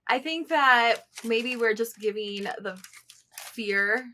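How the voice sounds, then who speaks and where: Woman podcast co-host with a bright, forceful voice, animated storyteller, casual and salty. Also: a little high, takes it slowly, slight background noise. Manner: animated storyteller, swears freely. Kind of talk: casual chat.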